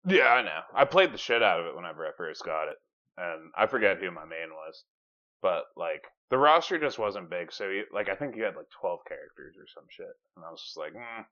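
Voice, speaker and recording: A man's voice: sits low, very animated, brisk, sharp tone. A man hosting a podcast, chatting casually, rambling and swearing, sometimes reading from notes. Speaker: podcast host. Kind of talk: casual chat. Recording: dull lo-fi podcast audio.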